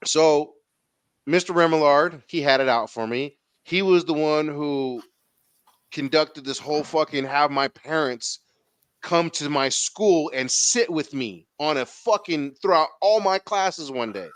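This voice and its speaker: Profane, animated Southern Californian man. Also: fairly high pitch, a little slow, clear, resonant tone, dry recording. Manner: profane, animated storyteller, acts out quotes. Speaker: podcast host. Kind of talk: casual storytelling chat.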